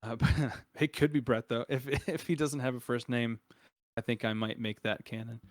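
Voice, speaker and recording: A young adult man narrating as game master of a tabletop game, relaxed and chuckling, with frequent filler words. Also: mid-range voice, normal speed, no echo.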